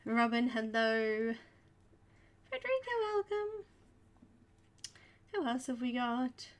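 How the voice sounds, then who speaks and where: A woman's voice: fairly high pitch, big pitch swings, slow pace. An Australian woman hosting a live coloring tutorial, chatty and welcoming, laughing often as she greets viewers. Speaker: art tutorial host.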